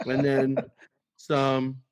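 A man with a mid-pitched voice joking around on a podcast, teasing and swearing freely. The sound is dry and close. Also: monotone, extremely slow, no room sound. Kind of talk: casual chat.

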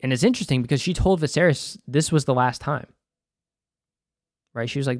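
A young man with a Boston accent talks through a TV episode in an easygoing, rambling way, swearing freely and filling gaps with "like" and "uh." His voice sits at a middle pitch, and the recording is close and dry, with no room sound. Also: fairly quick, no echo. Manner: loose and conversational, swears freely, many fillers. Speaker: host. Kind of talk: casual episode recap.

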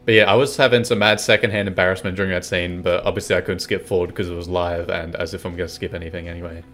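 A man with a very deep voice chats casually as a podcast co-host. He recaps scenes in a relaxed, slangy way, with faint music playing underneath. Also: fast talker. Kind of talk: casual chat.

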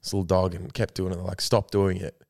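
A man's voice: sits low, little pitch movement, a little fast, vocal fry, a little mellow. A young Australian man co-hosting a podcast, rambling through stories with lots of swearing and laughter. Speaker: podcast co-host. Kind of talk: casual chat.

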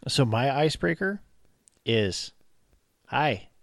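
A man's voice: medium pitch, slow pace, gravelly, no echo. A man in his thirties, a police officer co-hosting a podcast, chatting casually and acting out quotes. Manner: animated storyteller, acts out quotes.

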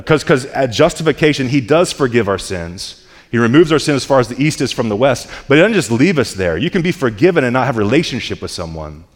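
A man preaching a sermon as pastor, earnest, often repeating words as he restarts, building to louder peaks. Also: mid-range voice. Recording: long reverb of a church hall.

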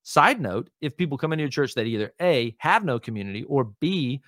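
Pastor guy on a podcast, average pitch, keeps going "right?", "hear me", dry room no echo. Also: sing-song, fairly bright tone. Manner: emphatic, teaching tone, keeps asking "right?" and saying "hear me"; many fillers and restarts, quick asides. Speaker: lead pastor, podcast guest. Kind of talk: casual conversational interview.

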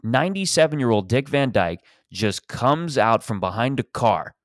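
A man's voice: mid-range voice, expressive, moderate pace, dry recording, clean studio sound. A man hosting a podcast, riffing in a rambling, profane, sarcastic comedic monologue. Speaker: podcast host.

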